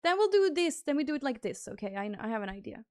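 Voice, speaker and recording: A young woman streaming live, chatting casually and squealing excited thanks to donors. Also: sits high, quick pace, no echo, studio quality.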